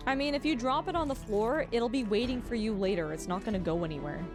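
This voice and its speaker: Woman streamer, fairly high voice, chatty and teasing, faint music under her. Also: fast talker. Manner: chatty, animated, teasing, talks to chat. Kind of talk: casual livestream chat while gaming.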